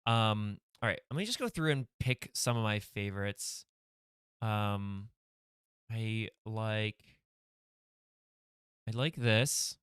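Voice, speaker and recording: Man thinking aloud with a smooth voice. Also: lowish voice, animated, slow pace, long pauses, no echo, studio quality. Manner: hesitant, thinking out loud with many fillers. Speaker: comedy sketch writer and livestream host. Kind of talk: brainstorming out loud on a livestream.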